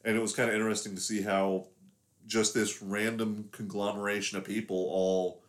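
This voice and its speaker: A man's voice: lowish voice, little pitch movement, moderate pace. A young man from the American South, casually talking over a film as podcast co-host, rambling with lots of fillers. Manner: rambling, many fillers and hedges. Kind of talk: casual film review chat.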